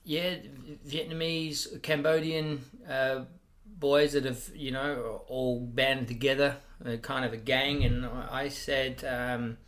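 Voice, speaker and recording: An Australian man and comedian, telling profane, animated stories in a casual chat and getting loud when he acts out what people said. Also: medium pitch, slow pace. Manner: loud bursts when acting out quotes. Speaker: guest comedian.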